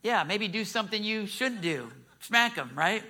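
Middle-aged man preaching; bright, tense timbre, emphatic sermon voice. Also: high voice, animated, normal speed. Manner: emphatic preaching with rising calls for amen. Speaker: pastor.

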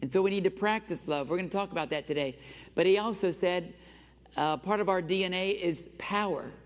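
A man's voice: sits high, fairly quick. A male pastor preaching a sermon in a church sanctuary, exhorting the congregation and having them repeat phrases after him. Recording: long reverb of a large church hall.

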